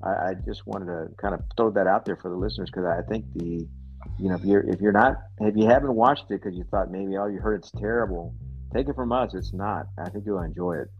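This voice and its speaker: A man's voice: sits low, fairly quick, husky, highs cut off, faint music behind. A man hosting a casual podcast chat, rambling with lots of fillers. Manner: rambling, laid-back, frequent fillers. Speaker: podcast host.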